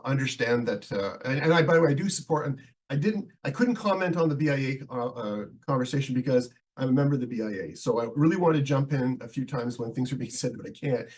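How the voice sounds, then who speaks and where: A male town councillor speaking in a council debate, nursing a head cold and losing his voice, talking haltingly with many fillers and restarts. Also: mid-range voice, rough recording. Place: council meeting.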